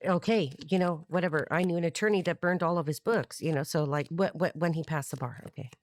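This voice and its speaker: A woman's voice: low-pitched, quick pace, no room sound. A middle-aged woman from the United States giving a free-associating tarot reading, rambling and wisecracking with some profanity. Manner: rambling, free-associating, with sung snippets and put-on voices. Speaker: tarot reader. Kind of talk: freestyle tarot reading monologue.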